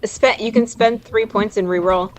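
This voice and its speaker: A woman's voice: mid-range voice, fairly even intonation, moderate pace, slight background noise. A woman playing a tabletop game, chatting and helping with the rules. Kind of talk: casual tabletop game chat.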